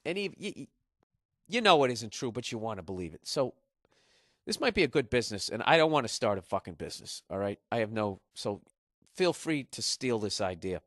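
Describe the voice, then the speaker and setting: A man's voice: lowish voice, big pitch swings, a little fast, a bit bright, dry recording, studio quality. A man from Massachusetts, hosting a podcast in a rambling, profane comedic monologue. He is jet-lagged. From Massachusetts, USA. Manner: profane, sarcastic, riffing. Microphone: podcast studio mic.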